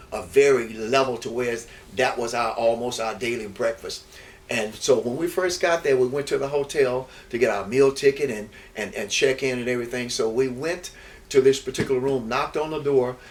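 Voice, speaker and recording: In an interview, an older Houston, Texas man who used to play baseball reminisces in a mid-range voice. He rambles with repeated words and restarts, becoming lively as the memories surface. The mic sits at a distance, catching faint noise behind him.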